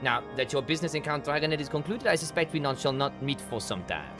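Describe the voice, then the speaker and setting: Man voicing a courtly French-accented game noble, low and formal. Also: animated, fast talker, music in the background.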